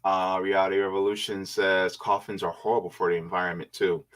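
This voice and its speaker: A man hosting a casual livestream, reading viewer comments aloud and musing on them in a laid-back way with quiet hums. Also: deep voice, flat delivery, a little fast.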